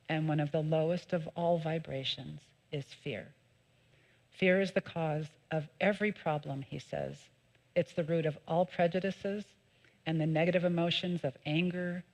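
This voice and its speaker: A woman minister giving a sermon, calm and measured in her teaching, with lively emphatic peaks. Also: low-pitched. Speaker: associate minister. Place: church sanctuary.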